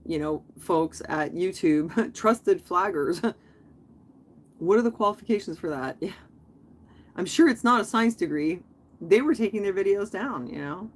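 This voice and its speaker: A woman hosting a casual live stream, talking in a rambling, chatty way that jumps from topic to topic. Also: lowish voice.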